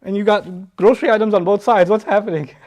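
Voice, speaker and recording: A man giving a lecture on Quran verses, animated, asking rhetorical questions and acting out what people say. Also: high-pitched, quick pace. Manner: animated, rhetorical questions, acts out quoted voices. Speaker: Quran teacher.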